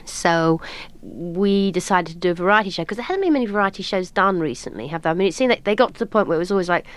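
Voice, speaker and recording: A woman from England, a comedian being interviewed, talking in a chatty, animated way and slipping into other people's voices. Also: fairly low pitch, fast talker. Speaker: comedian guest. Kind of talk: talk-show interview.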